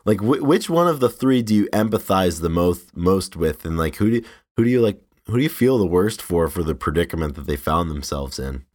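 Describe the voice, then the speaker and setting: A man with a fairly low voice co-hosts a casual podcast chat. He gets animated and laughs often, quoting favorite lines in a raised, excited voice. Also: brisk, few pauses. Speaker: podcast co-host. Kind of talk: casual chat about a film. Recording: studio mic.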